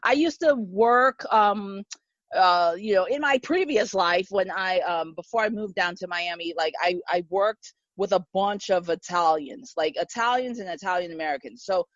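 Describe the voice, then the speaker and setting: A woman's voice: mid-range voice, moderate pace, no room sound, lo-fi sound. A woman hosting a podcast, chatting casually in a rambling way full of filler words. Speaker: podcast host. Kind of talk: casual chat.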